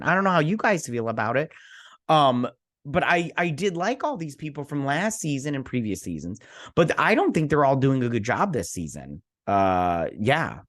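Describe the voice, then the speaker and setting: A man's voice: fairly high pitch, normal speed. A young man casually recapping and reviewing a TV episode, rambling with many fillers and restarts. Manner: rambling with many fillers and restarts, paraphrasing characters in a flat aside. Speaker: TV review host.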